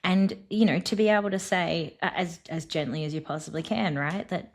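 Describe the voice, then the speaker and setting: A woman co-hosting a podcast, gently teasing and supportive in casual chat. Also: mid-range voice, a little fast, creaky. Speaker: podcast co-host.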